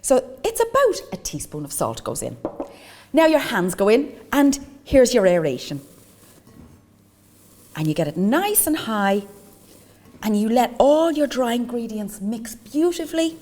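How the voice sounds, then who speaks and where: A woman's voice: fairly high pitch, very animated, a little slow, long pauses, a little mellow, in a large hall, slight background noise. An Irish woman teaching a baking lesson, chatty and enthusiastic as she gives tips and little asides while she works. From Ireland. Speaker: cooking teacher. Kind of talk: cooking demonstration.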